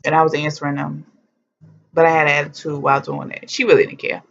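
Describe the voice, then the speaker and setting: A woman with a somewhat low voice tells a personal story straight to camera, joking her way through it and cursing without a filter. The sound is dull and lo-fi. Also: little pitch movement, fast talker, vocal fry. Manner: humorous, blunt, swears freely. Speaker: vlogger telling her birth story.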